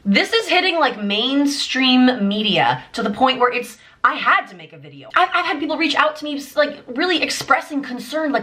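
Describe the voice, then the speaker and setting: A woman's voice: sits high, big pitch swings, moderate pace, few pauses, pushed and bright. A woman in her twenties giving an emphatic, indignant fan commentary to her vlog audience, full of "like". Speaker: YouTuber.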